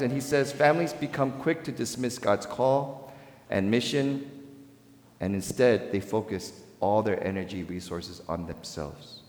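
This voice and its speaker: Man preaching in an echoey hall. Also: a little slow. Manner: dynamic preaching with sharp swings in pitch and volume. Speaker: pastor. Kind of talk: sermon. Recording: echoey hall with long reverb.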